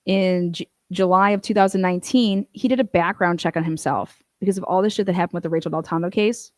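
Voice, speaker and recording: A woman's voice: on the low side, steady tone, fast, a little mellow, no room sound. A woman hosting a casual commentary stream, talking emphatically and indignantly with many asides and fillers into a computer mic. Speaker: true-crime advocate host.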